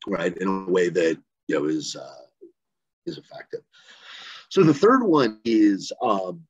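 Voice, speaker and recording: A man's voice: fairly low pitch, slightly rough, no room sound, muffled recording. A man coaching volunteers on phone banking in a casual virtual training, talking conversationally with lots of fillers and "right?" checks. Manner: conversational, rambling, many fillers and "right?" asides. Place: home room, virtual session. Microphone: video call mic.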